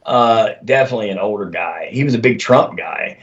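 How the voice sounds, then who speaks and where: An army veteran, a man, spins animated, profane stories as a guest in a casual chat. His voice sits fairly low and moves fairly quickly, captured on a dull lo-fi recording.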